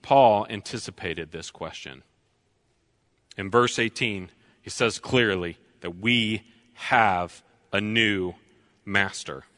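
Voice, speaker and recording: Slow bright-voiced male preacher. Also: on the low side. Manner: slow and deliberate, repeats key lines for emphasis. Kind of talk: sermon.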